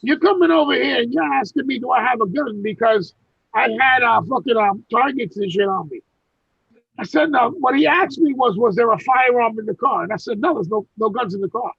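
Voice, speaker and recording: A man with a very high, gravelly voice tells rough stories from his life over a video call, cursing freely and restarting his sentences. The sound is dry and dead, and the audio is dull and lo-fi. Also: expressive, a little fast, no room sound. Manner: profane, rambling storytelling with many restarts. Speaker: guest recounting personal stories. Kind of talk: casual chat on a video call. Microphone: video call mic.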